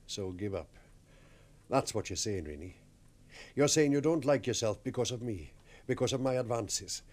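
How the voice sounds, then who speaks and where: A man's voice: mid-range voice, expressive, normal speed, a little mellow, lightly acted. An actor playing a lonely middle-aged man pleading with the woman he loves. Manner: pleading, intense. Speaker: actor in a TV drama.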